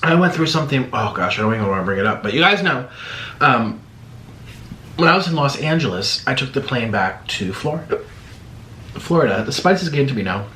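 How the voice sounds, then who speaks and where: A man's voice: mid-range voice, very animated, brisk, long pauses, pushed and bright. Chatty man eating and rambling, roomy echo. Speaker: mukbang host. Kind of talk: casual storytelling while eating. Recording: roomy echo, faint background hiss.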